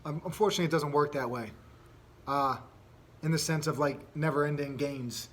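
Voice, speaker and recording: A man's voice: a little high, a little fast, a bit bright. A man hosting a podcast, chatting in a rambling, laid-back way with lots of fillers. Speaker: podcast host. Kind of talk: casual podcast chat.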